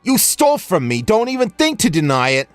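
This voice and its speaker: A man's voice: high-pitched, huge pitch swings, fairly quick, clear, resonant tone, no room sound, faint music behind, voice pushed up. A man voicing a greedy, bullying merchant who barks threats. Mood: furious.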